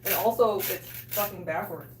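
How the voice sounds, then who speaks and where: A woman's voice: mid-range voice, moderate pace, distant mic, noisy background. Woman livestreamer, profane joking cook, echoey small room, mic a bit off. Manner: loud, profane and joking with chat. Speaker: livestream host cooking. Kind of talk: casual livestream cooking chat. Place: small bathroom.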